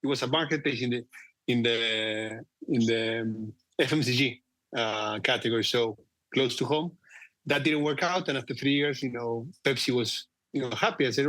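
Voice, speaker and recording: A man's voice: medium pitch, moderate pace, fairly bright tone, no room sound. A man in his forties with an Argentinian accent, a guest talking about his career with many "you know" fillers. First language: Spanish. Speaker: guest executive. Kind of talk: conversational interview.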